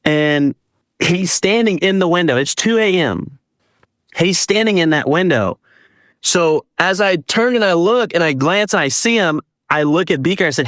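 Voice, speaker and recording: A man's voice: on the high side, moderate pace, no echo, studio quality. A man telling a personal story as a guest, casually, acting out what people said. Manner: animated, acts out dialogue with quoted voices.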